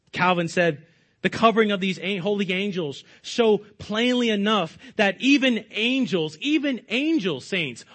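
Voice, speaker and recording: A man preaching a sermon as pastor, emphatic, often addressing his listeners as saints and dropping low on key words. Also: fairly bright tone.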